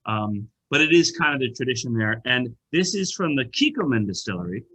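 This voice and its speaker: A man with a bright, forceful voice hosts a casual tasting over a video call. He talks in an animated rush, restarting his sentences as he goes. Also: medium pitch, brisk, slightly rough, poor audio. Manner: animated, self-interrupting, lots of restarts. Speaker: wine shop co-host.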